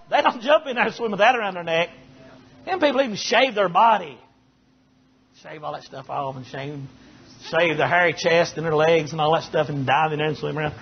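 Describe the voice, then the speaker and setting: A Baptist preacher, a man with a strikingly high, husky voice, delivering a folksy sermon full of joking asides that swells into shouted preaching. The recording is dull and lo-fi. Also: fairly quick.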